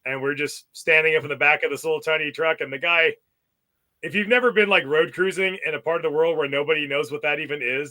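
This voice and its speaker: A man chatting as a podcast guest, telling relaxed stories and laughing often. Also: fairly high pitch. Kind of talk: casual chat.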